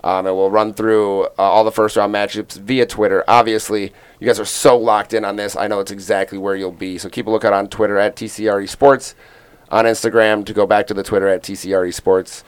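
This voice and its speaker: A man's voice: on the low side, flat delivery, brisk, clean tone. Rambling, joking young male podcast host. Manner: rambling, jokey, lots of fillers and restarts. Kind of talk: casual sports podcast banter.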